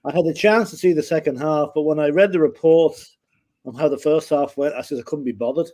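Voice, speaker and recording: A man's voice: a little high, fairly quick, mellow. A man from Ireland co-hosting a casual sports livestream, with a dry, wry humor. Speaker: livestream co-host.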